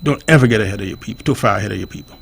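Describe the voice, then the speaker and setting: On a call-in radio show, a man speaks very fast in a lowish, gravelly, slightly husky voice. He explains his points the way a teacher would, repeatedly checking whether the listener is following.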